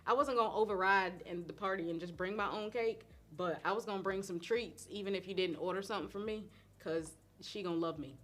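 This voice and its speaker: A middle-aged woman, chatting casually on a live stream as a host and cook, animated and laughing often. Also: medium pitch. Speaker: host and cook answering viewer questions.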